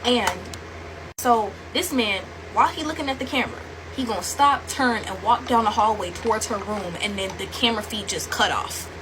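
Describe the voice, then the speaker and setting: A woman's voice: mid-range voice, normal speed. Woman retelling a scary story, noisy background. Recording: clear background noise.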